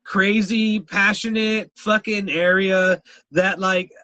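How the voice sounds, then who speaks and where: Podcast host from South Texas, male, high and bright, profane and ranting, dry close mic. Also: steady tone, slow pace, no echo, muffled recording. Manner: profane, ranting, laughs often. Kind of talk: casual podcast chat.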